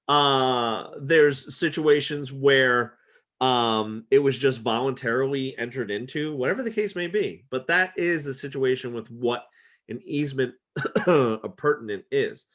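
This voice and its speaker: A man teaching a casual real estate exam lesson, chatty and full of fillers like "okay", his voice getting worn and hoarse. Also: medium pitch, a little slow, fairly bright tone. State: losing his voice.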